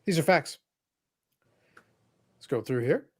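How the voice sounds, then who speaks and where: A man's voice: fairly high pitch, expressive, takes it slowly, slightly rough. A man hosting a casual podcast, reading chat comments aloud with a joking, sarcastic manner. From Canada.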